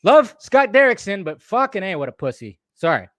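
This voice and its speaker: Tipsy guy going off on a stream, swearing a lot, kinda high voice, dry close sound. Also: big pitch swings, normal speed, no room sound. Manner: profane, heated ranting, swears often. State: tipsy from bourbon. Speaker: streamer host. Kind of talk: ranting live stream chat.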